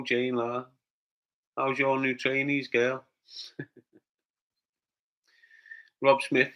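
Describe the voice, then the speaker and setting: A man's voice: mid-range voice, bright, forceful tone. A middle-aged man with a Scouse accent, hosting a casual livestream and answering viewers' comments one by one. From Liverpool, England. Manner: chatty, reads out usernames and answers them.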